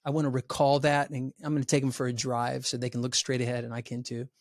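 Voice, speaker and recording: A man's voice: medium pitch, level tone, quick pace, no echo, studio quality. A man giving a podcast interview as a resilience educator, talking with energy and acting out the voices of the people he quotes. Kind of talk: animated podcast talk.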